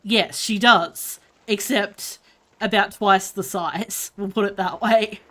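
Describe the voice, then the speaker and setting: A woman's voice: medium pitch, steady tone, takes it slowly, fairly bright tone. A woman from Australia with an Australian accent, chatting bluntly and swearing freely while she streams a game. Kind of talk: casual chat while gaming.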